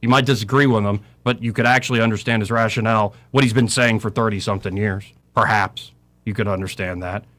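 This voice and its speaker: A man's voice: fairly low pitch, steady tone, fast talker, fairly bright tone. Impassioned preacherly man on talk radio. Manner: preacherly, quoting scripture, voice rising and falling.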